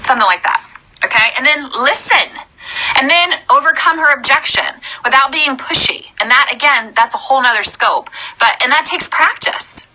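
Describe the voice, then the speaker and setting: A young woman in a chatty, animated live-stream coaching talk, often checking in with "okay?". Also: sits high, moderate pace, rough recording. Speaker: sales trainer.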